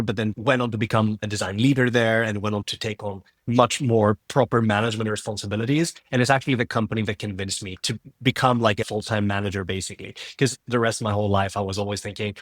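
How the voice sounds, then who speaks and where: A man's voice: lowish voice, steady tone, fast talker, hardly any pauses, no echo, clean studio sound. A man from Greece with a mixed Greek, American and British accent, chatting casually as a podcast guest. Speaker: guest, design leader. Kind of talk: casual interview chat.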